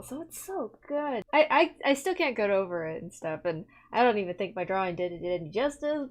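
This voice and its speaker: A young woman artist hosting a casual drawing video, excitable and giggly as she reacts. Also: on the high side. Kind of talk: casual chat while drawing.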